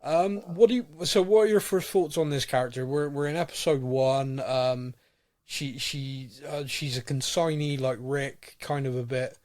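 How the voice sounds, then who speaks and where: A man's voice: mid-range voice, fairly even intonation, normal speed, darkish tone. A sounding man co-hosting a podcast in casual chat, rambling and repeating words as he starts sentences. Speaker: podcast co-host.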